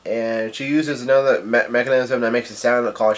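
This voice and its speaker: Man, casual manga recap, halting, stumbles on names, mid-pitched voice. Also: steady tone. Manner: halting, stumbles over names, narrates dialogue aloud. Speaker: manga reader and video host.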